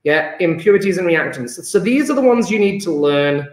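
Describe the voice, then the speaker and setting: A man's voice: high voice, expressive, moderate pace, hardly any pauses, roomy sound. A male chemistry teacher, teaching an enthusiastic, emphatic online lesson and calling on his students by name.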